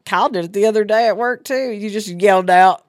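A woman's voice: mid-range voice, brisk, dry recording, clean studio sound. A middle-aged woman hosting a podcast, chatty and teasing in a motherly way. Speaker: podcast host, farm co-owner. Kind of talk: casual podcast chat.

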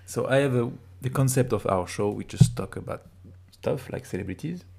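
A man's voice: medium pitch, moderate pace, vocal fry, mellow. A man with a French accent co-hosting a casual podcast, teasing and joking, slipping French words into his talk. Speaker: podcast co-host. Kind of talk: casual chat.

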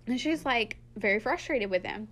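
A woman's voice: a little high, normal speed. Lady recapping a book, chatty, acts out the lines. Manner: animated, acts out quotes from the book. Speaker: book podcast co-host. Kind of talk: casual chat, retelling book plots.

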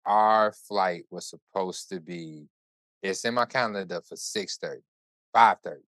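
A man hosting a podcast, telling a story in casual chat with animated, profane, run-on delivery. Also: low-pitched, unhurried, dry recording. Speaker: podcast host.

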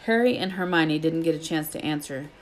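A woman reading a children's book aloud in a steady storytelling way, with small slips. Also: deep voice, brisk. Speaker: reader.

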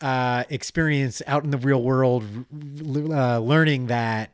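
A man's voice: mid-range voice, steady tone, measured pace, dry recording, clean studio sound. A young man from the Philadelphia area with a local accent, co-hosting a podcast and telling stories in a casual chat. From Delaware County, Pennsylvania. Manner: storytelling, laughs at his own anecdote. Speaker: podcast co-host.

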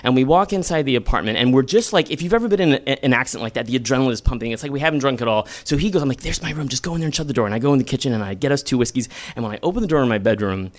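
A young man telling a self-deprecating comic story live, acting out quoted lines with sudden high squeals. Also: animated, rapid-fire, hardly any pauses.

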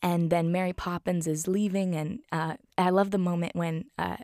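A woman's voice: on the low side, steady tone, normal speed, darkish tone, no room sound, studio quality. A woman recapping a film in casual talk, heartfelt and rambling with many fillers. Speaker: film reviewer.

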